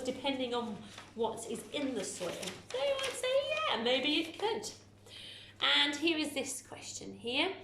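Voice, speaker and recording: A woman teaching a recorded phonics lesson. She sounds out each word slowly and clearly and gives warm encouragement. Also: medium pitch, reverberant, slight background noise.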